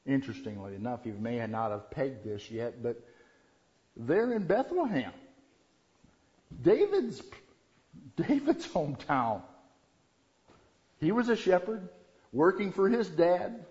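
A man preaching a Christmas sermon, shifting from quiet reverence to loud, animated storytelling. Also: a little high, slow pace, long pauses. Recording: dull lo-fi sound.

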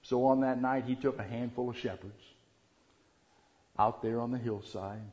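A man preaching a Christmas sermon, shifting from quiet reverence to loud, animated storytelling. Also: medium pitch, normal speed. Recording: dull lo-fi sound.

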